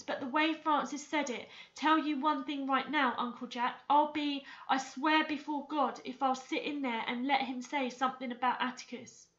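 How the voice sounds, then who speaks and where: A woman's voice: sits high, a bit bright, dull audio. Woman voicing a defiant young tomboy. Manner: indignant, blunt, drawling.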